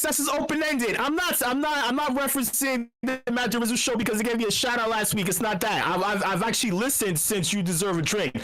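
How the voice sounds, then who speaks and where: A man hosting a casual live voice-channel show, brash and profane, teasing his listeners and swinging into loud drawn-out shouting. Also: sits high. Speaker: host of a community voice-chat show. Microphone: computer mic in voice channel.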